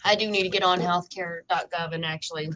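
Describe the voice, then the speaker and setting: A woman's voice: lowish voice, steady tone, brisk, noisy background. A woman with a cough co-hosting a casual chat, rambling with lots of "like" and "you know". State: sick with a cough. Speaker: psychic co-host.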